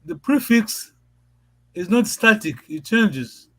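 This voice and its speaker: A man with a high voice leads a language lesson over a video call. He speaks patiently and haltingly, repeats himself and laughs often. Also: expressive, bright, forceful tone, low-quality recording. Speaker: language teacher. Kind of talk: online language class.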